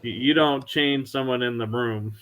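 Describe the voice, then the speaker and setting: A man co-hosts a podcast, asking his guest questions in casual chat. His voice is bright and forceful, at a middle pitch. He restarts his sentences and laughs easily. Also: clean tone, rough recording. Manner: eager questions, quick laughs, halting restarts. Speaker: podcast co-host.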